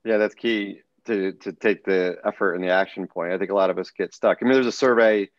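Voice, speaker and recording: A middle-aged man speaks as a podcast guest, recounting a personal moment with earnest energy and plenty of restarts. His voice sits on the low side. The sound is dull and lo-fi, with a very dry, close feel. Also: brisk, dry recording. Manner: earnest, animated storyteller with frequent restarts. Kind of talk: casual storytelling interview.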